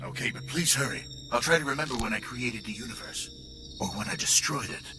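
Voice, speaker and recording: An actor playing a dazed, wildly excitable disembodied brain who swings from whispers to shouts. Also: male voice, mid-range voice, fairly quick, close to an everyday voice. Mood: giddy. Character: giddy disembodied male brain, cosmic and dazed. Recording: game music playing behind.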